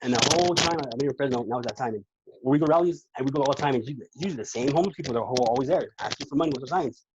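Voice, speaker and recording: A man's voice: medium pitch, rapid-fire. A man tells his faith story in loose, rambling casual talk, circling back over his words. The recording is a bit dull, with a faint hiss and some clicks behind him. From California. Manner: rambling, many restarts. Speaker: guest. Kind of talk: casual testimony.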